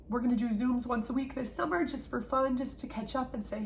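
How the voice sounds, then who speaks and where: A woman teacher speaks to her young students from home in a farewell message. Her voice sits a little high, and her tone stays earnest and encouraging as she addresses them directly. A faint background hiss runs underneath. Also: a little fast, gravelly, few pauses. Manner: earnest, encouraging, talks straight to kids. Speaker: third-grade teacher.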